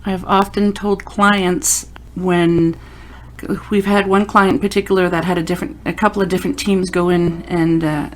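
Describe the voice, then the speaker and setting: A woman's voice: fairly low pitch, level tone, moderate pace, slight background noise. A woman hosting a paranormal podcast, chatting casually and telling stories with quoted asides. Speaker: podcast host. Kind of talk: casual interview chat.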